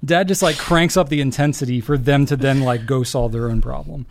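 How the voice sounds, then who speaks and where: A man's voice: medium pitch, creaky. A man co-hosting a podcast in casual chat, wry and teasing, slipping into an exasperated dad voice when quoting himself. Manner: wry, teasing, quick to laugh. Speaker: podcast co-host.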